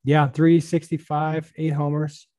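A man hosting a casual baseball podcast, chatting in a relaxed way with lots of fillers. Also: fairly high pitch, unhurried, no echo. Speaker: podcast host.

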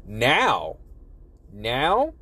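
A man's voice: medium pitch, huge pitch swings, very slow, sharp tone, slightly rough. A young man ranting casually, rambling and profane, repeating himself as he talks. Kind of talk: casual political rant.

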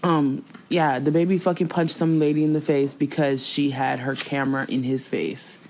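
A young woman co-hosting a casual chat, animated and slangy, laughing often. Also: low-pitched, moderate pace, a little hiss or hum.

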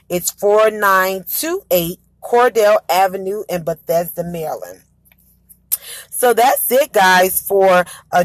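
Woman podcaster, mid pitch, upbeat and rambling, dry close sound. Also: no room sound. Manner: chatty and upbeat, rambling with fillers and self-corrections. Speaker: podcast host. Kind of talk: casual solo podcast chat.

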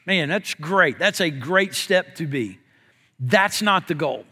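A man's voice: sits high, animated, unhurried, sharp tone. A man preaching a sermon as pastor, in a conversational style and often saying "man" to the congregation. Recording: long reverb of a church hall.

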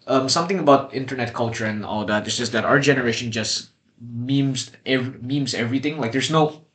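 A man's voice: medium pitch, brisk, fairly bright tone. Rambling teenage boy in an echoey room. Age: teens. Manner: rambling, many restarts and "like". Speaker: podcast co-host. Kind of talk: casual chat.

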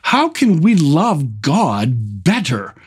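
A man preaching in an earnest tone, reading Bible verses slowly and asking his listeners pointed questions. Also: fairly high pitch, sing-song, slightly rough. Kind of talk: sermon-style Bible teaching.

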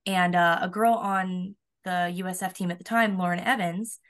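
Chatty young woman, slightly low voice. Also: fairly even intonation, moderate pace. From United States. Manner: chatty, upbeat, many fillers. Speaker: college softball pitcher, guest. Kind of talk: casual podcast interview.

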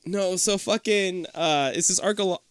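A man's voice: high voice, normal speed, clear, resonant tone, no echo. A man co-hosting a podcast, recapping a show in casual chat, swearing often and laughing a lot. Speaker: podcast co-host.

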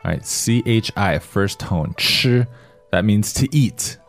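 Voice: low voice, expressive, slow pace, faint music behind. A co-host of a language lesson who asks guiding questions and breaks down tones word by word.

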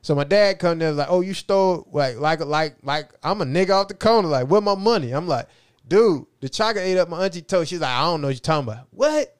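This interview guest, a middle-aged man, does casual storytelling about his life, rambling and often asking "you know what I'm saying." His fairly high voice is animated, fast, and smooth, captured in clean studio sound with no echo.

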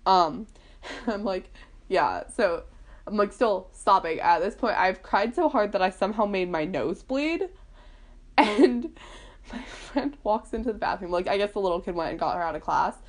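A woman's voice: mid-range voice, animated, moderate pace. A young woman vlogger casually telling a personal story, chatty and full of fillers, laughing often. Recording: poorly recorded.

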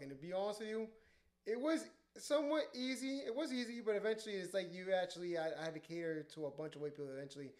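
A young man who works as a DJ, telling profane, animated stories in casual podcast chat. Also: high-pitched, quick pace. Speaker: DJ and podcast co-host. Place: podcast studio.

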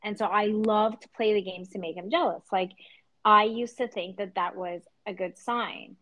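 A woman's voice: medium pitch, fairly even intonation, normal speed, a bit bright, low-quality recording. A woman in her thirties from Canada, co-hosting a podcast in casual chat, talking with many fillers. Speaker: podcast co-host.

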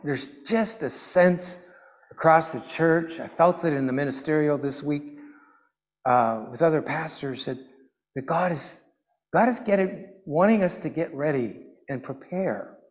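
A man preaching a sermon as pastor, telling a story with animated, emphatic bursts. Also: high voice, in a large hall.

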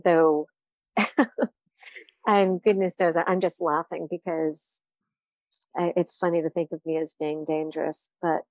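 A woman's voice: sits low, flat delivery, moderate pace, darkish tone, dry recording. A woman wine writer answering interview questions, candid and reflective, often laughing at herself.

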